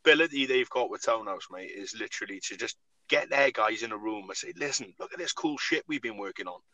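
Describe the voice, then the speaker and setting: A man co-hosting a podcast chats eagerly, with "mate" and "you know what I mean" in nearly every breath. His voice is bright and forceful, and the recording is dry and close. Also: lowish voice, lively intonation, quick pace, no room sound, poor audio. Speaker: podcast co-host. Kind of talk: casual chat.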